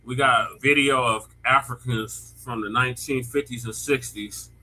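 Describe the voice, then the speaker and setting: A man in a casual panel discussion, matter-of-fact and quick to correct others. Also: mid-range voice, fairly even intonation, bright, forceful tone, slight background noise, poor audio.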